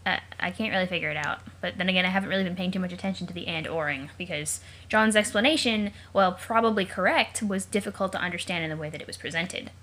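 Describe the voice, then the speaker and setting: A woman's voice: fairly low pitch, fast talker, few pauses, fairly bright tone. A woman hosting a let's play, reading a webcomic aloud and breaking off into chatty, joking asides and questions she wonders about aloud. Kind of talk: casual read-aloud with commentary.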